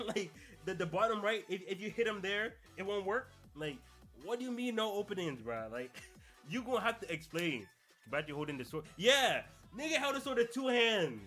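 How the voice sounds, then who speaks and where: A man's voice: sits high, sing-song, normal speed, pushed and bright, soft background music. A young adult man hosting a podcast, talking in casual, slangy solo commentary and laughing through his rants. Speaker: podcast host.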